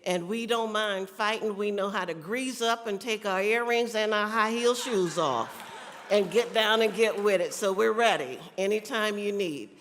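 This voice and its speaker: A woman's voice: medium pitch, normal speed, a bit bright. Chatty Southern woman in a hall. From South Carolina. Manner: chatty, teasing, calls out to the crowd. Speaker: convention speaker. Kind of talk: folksy keynote speech. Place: large convention hall. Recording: long hall reverb.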